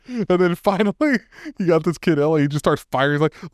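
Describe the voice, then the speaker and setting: A man's voice: a little high, lively intonation, a little fast, no room sound, studio quality. A man co-hosting a podcast, casually retelling a comic story, laughing often as he quotes the characters. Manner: laughs often while retelling, mimics characters' lines loosely. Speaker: podcast co-host.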